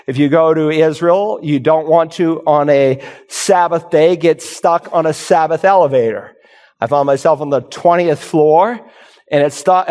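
High-voiced preacher in a reverberant hall. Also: male voice. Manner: animated preaching, acts out confused churchgoers. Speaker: pastor. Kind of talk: sermon.

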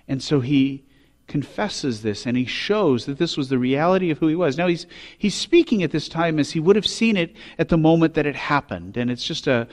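A man preaching a sermon, reading scripture and asking rhetorical questions with rising intensity. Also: medium pitch. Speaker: pastor.

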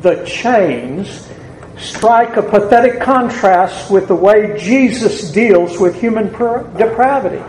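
Southern preacher man, kinda high voice, slow and drawn out, swells up loud on the big points. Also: lively intonation, a little hiss or hum. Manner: deliberate preaching that swells to emphatic peaks. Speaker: pastor. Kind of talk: sermon. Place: church hall with a congregation. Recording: echoey church room with faint ambience.

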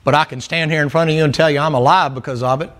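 A man's voice: on the high side, steady tone, racing, fairly bright tone. A middle-aged man preaching a sermon in church, blunt and folksy, telling stories. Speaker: pastor.

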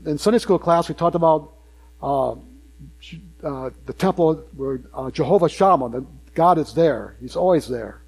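A man's voice: a little high, moderate pace, creaky, darkish tone. An older man preaching a sermon to a congregation in a conversational way, repeating phrases and asking the listeners questions.

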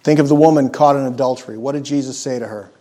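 A man preaching a sermon, earnest and emphatic, letting his voice sink low and soft on key words. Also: quick pace. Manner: earnest, emphatic preaching with dramatic drops in volume; acts out scripture quotes in character voices.

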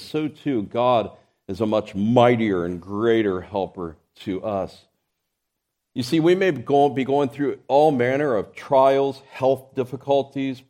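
A pastor addresses his congregation in a sermon, often breaking off mid-phrase to restart while building emphasis across his points. He has a warm tone and medium pitch.

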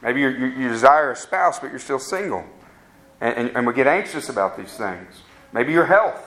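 A man's voice: mid-range voice, animated, moderate pace, fairly bright tone. Conversational male pastor preaching. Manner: conversational, asks the congregation questions. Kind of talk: sermon.

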